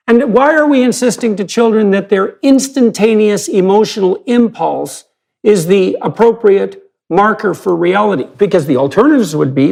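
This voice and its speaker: A man's voice: high voice, moderate pace, creaky, a little mellow. A man hosting a long-form podcast conversation, talking emphatically and building his argument step by step with rhetorical questions. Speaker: podcast host.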